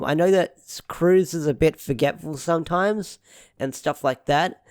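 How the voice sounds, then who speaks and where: A man's voice: fairly high pitch, unhurried, darkish tone, clear, resonant tone, dry recording, clean studio sound. A young man giving a casual, rambling review of a TV episode, repeating himself with lots of fillers. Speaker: show reviewer.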